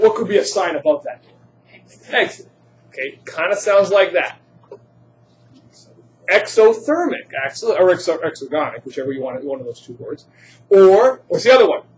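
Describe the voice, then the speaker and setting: A man teaching a chemistry class, quizzing students and joking in asides. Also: high voice. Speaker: high school chemistry teacher. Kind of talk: classroom lecture.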